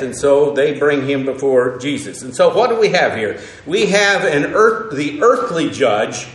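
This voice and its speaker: Halting man teaching a Bible lesson. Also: medium pitch. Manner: halting, with frequent fillers and self-corrections. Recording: echoey room.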